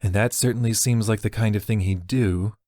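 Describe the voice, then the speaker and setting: A man voicing a sharp-witted young woman investigator who talks in a pointed way. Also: on the low side, steady tone, no room sound, clean studio sound, natural voice. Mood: suspicious. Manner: pointed and quick to snap.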